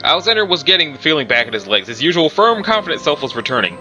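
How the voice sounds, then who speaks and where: A man's voice: mid-range voice, big pitch swings, quick pace, few pauses, pushed and bright. A man reading a story aloud casually, breaking off for chatty asides and correcting himself. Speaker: story reader. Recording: muffled recording with background music.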